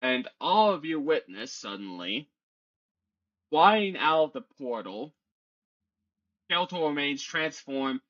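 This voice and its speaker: A man runs a tabletop game with a slow, rambling narration. His voice is bright and forceful. The recording is dull and lo-fi. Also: on the high side, big pitch swings. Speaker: game master.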